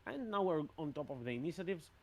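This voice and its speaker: A man narrating as game master, pausing often with fillers. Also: a little high, expressive. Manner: hesitant, many fillers.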